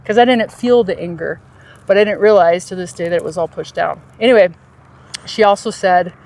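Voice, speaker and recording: A woman in casual podcast talk recounts her own story with lots of energy. Her voice leaps upward when she gets excited, then sinks to a soft, low murmur when she turns reflective. She laughs easily along the way. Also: brisk. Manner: animated, jumps high in pitch when quoting others. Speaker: podcast host telling a personal story.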